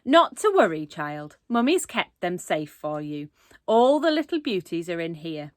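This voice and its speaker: A woman's voice: on the low side, very animated, measured pace, no room sound, clean studio sound. A woman reading aloud and voicing a creepy, falsely sweet female dentist who calls herself Mummy. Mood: sickly sweet. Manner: falsely sweet, mock-polite.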